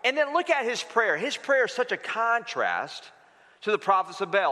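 A man's voice: high voice, big pitch swings, moderate pace, bright, forceful tone. A man preaching a sermon as pastor, asking the congregation rhetorical questions and mixing in humorous asides. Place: church sanctuary. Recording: long reverb of a large hall.

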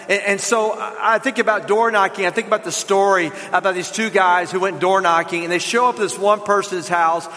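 A man with a Southern American accent preaching a lively, joking sermon to his congregation in a church. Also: high voice, long reverb tail. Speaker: pastor. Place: church sanctuary.

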